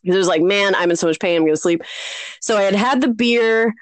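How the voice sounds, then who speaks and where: A woman's voice: mid-range voice, fast talker, no room sound. A woman co-hosting a podcast, telling a rambling story in casual chat, laughing often and poking fun at herself. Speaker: podcast co-host.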